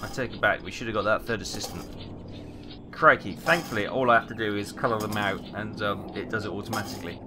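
Chatty low-voiced Welsh man, noisy. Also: fast talker. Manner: chatty, muttering while working, British exclamations. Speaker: gaming video host. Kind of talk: casual let's play commentary.

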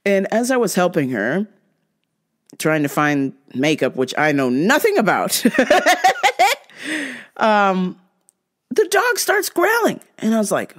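A woman's voice: fairly low pitch, wildly swooping pitch, measured pace, pauses often. A woman vlogger telling stories in a casual way, swearing, laughing often and acting out the people in them. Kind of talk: casual storytelling.

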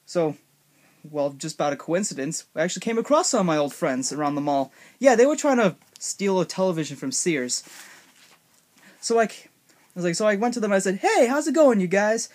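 A man's voice: high-pitched, lively intonation, fairly quick, darkish tone. Young man rambling through a made-up story. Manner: rambling, many fillers and restarts. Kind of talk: casual made-up story narration.

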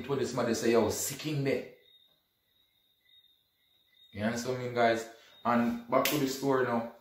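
A man, retelling an event casually and acting out the dialogue as he goes. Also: medium pitch. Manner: animated, acts out dialogue, repeats "you see me". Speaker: storyteller. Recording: echoey room, distant from mic.

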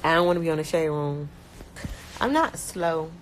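A young woman from Miami with a Miami accent, chatting casually and bluntly, talking fast with lots of slang and filler words. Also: deep voice, lively intonation, slight background noise, poor audio. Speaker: rapper talking about her life. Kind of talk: casual chat.

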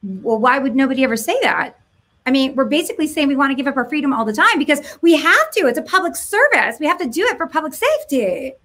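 A woman's voice: high voice, big pitch swings, quick pace, fairly bright tone. A woman giving an impassioned monologue to camera, mocking, firing rhetorical questions and doing voices. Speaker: political commentator.

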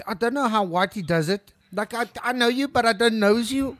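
A man hosts a friendly chat, gushing over his guest. He repeats phrases and trips over words while praising. The delivery is loose and warm in wording. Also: very high voice, moderate pace. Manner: effusive, repetitive "you know what". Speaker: host. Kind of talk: casual interview chat.

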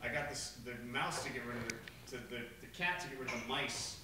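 A man's voice: mid-range voice, brisk. A man in the audience at a small live venue who chats and tells a story. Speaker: audience member. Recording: distant, echoey room with crowd noise.

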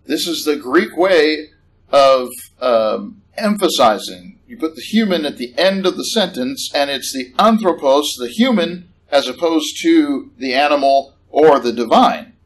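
A man preaching a sermon in a church, conversational and animated, rising in pitch on questions. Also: a little slow, poor audio. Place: church hall.

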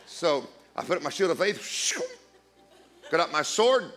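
A man's voice: normal speed, long pauses. A middle-aged man preaching a storytelling sermon, joking and acting out dialogue. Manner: animated, jokey, acts out dialogue with big pitch swings. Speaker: guest preacher.

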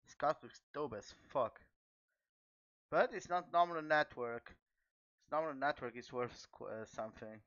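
An excitable man talks his viewers through a card pack opening, calling them "guys" between exclamations. His voice sits at an ordinary middle pitch. The recording is dull and lo-fi, with a dry, close sound. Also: no echo. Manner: chatty, keeps addressing viewers as guys. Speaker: trading card pack opener. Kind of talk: casual unboxing chat to viewers.

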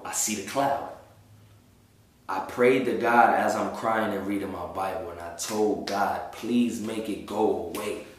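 A man's voice: on the low side, fairly bright tone. Echoey, far-off man telling a testimony. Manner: casual, slangy, acts out quoted speech. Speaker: person giving a religious testimony. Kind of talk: personal testimony storytelling. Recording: echoey room, voice far from mic.

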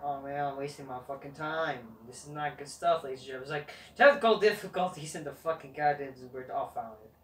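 A man's voice: on the high side, fast, few pauses, a bit bright. Swearing, rambling man in a roomy room. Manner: rambling, constant swearing, dismissive. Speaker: wrestling show reviewer, channel host. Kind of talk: profane rambling review rant. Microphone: camera mic. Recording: roomy, distant mic, faint noise.

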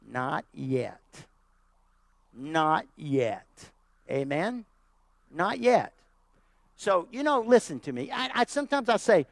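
A pastor preaching a sermon, hammering points with repeated lines, checking in with the congregation, and slipping into folksy, plainspoken asides. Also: male voice, high-pitched, big pitch swings, unhurried, gravelly, no echo. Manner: emphatic preaching with repeated lines and calls of "Amen?".

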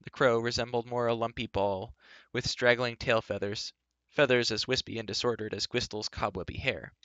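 A man reading a novel aloud in a steady storytelling manner. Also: mid-range voice, moderate pace, clean tone, no room sound. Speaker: reader. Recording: dull lo-fi dry recording.

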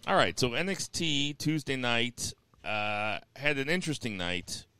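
A man's voice: mid-range voice, a little slow, noisy background. A man hosting a casual podcast chat, leading the segments and recapping matches. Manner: runs the segments, steady recap with fillers. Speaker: podcast host.

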